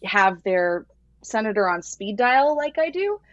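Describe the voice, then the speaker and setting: A woman's voice: mid-range voice, very animated, unhurried, no echo. A woman guest on a podcast, talking earnestly and rambling a little, with lots of fillers as she gathers her thoughts. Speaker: podcast guest, voting-rights activist. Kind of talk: casual podcast chat. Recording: dull lo-fi dry sound.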